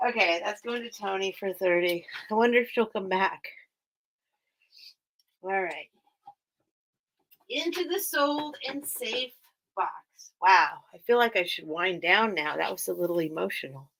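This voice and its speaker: Chatty woman running a live vintage sale from a cluttered room at home; slow, rambling and easily touched. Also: medium pitch, lively intonation, a bit bright, rough recording. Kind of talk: casual live-stream auction chat.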